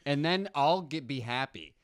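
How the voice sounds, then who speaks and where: A man's voice: a little high, lively intonation, moderate pace, clean tone, no echo, clean studio sound. A young man, a comedian guest, rambling through self-deprecating stories in casual chat. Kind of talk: casual storytelling.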